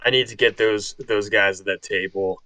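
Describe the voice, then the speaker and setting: A man's voice: fairly low pitch, fairly even intonation, normal speed, pushed and bright, no room sound, poor audio. A man playing a tabletop game with friends, chatty and eager as he plots. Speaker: player. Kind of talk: casual tabletop play.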